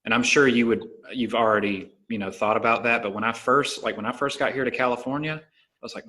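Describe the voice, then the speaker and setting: A man's voice: medium pitch, a little fast. A man with a Southern American accent, a stand-up comedian hosting a podcast, telling stories in loose casual talk full of "like" and "you know". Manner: relaxed storytelling, many fillers like "like" and "you know". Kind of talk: casual conversation.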